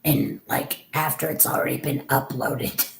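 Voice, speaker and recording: A man putting on a creepy, slow, whispery voice as a joke in a whispered role-play. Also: a little high, little pitch movement. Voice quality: whispery, gravelly. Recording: roomy echo.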